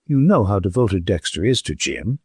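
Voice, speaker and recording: A man's voice: on the low side, very animated, normal speed, no echo, studio quality, full character voice. A man voicing a composed middle-aged society mother with a poised, hospitable manner. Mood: gracious. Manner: smooth, poised, politely hospitable.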